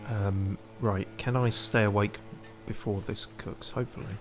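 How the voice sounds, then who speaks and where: Male streamer, lowish voice, wry muttered gameplay commentary. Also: fairly even intonation, normal speed, over music. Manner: wry, self-mocking muttering to himself. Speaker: game streamer.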